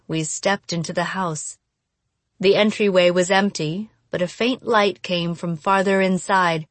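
Woman reading an audiobook in first person, steady storyteller voice, dead dry room. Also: fairly low pitch, no room sound. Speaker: audiobook narrator. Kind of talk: scripted first-person narration.

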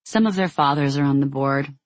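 A narrator voicing a quick-witted teenage girl with a teasing, deadpan manner, in an audiobook. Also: mid-range voice, no echo, lightly acted.

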